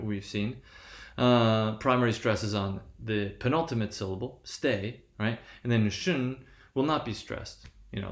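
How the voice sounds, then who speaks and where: A man's voice: fairly low pitch, roomy sound. A male lecturer teaching a lesson, explaining step by step with frequent "right?" checks and self-corrections. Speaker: linguistics lecturer. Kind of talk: classroom lecture on stress patterns.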